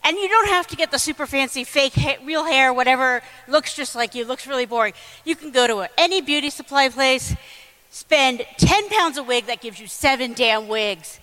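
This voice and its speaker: A woman giving a fast, comic lightning talk on stage, blunt and irreverent. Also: high voice, lively intonation, bright, forceful tone. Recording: reverberant hall over a PA.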